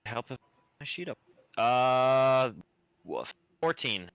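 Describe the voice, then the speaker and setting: A man's voice: medium pitch, expressive, slow, a bit bright, smooth, dry recording. A man playing in a tabletop game, asking laid-back, curious questions about his surroundings. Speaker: player. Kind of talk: casual tabletop game play.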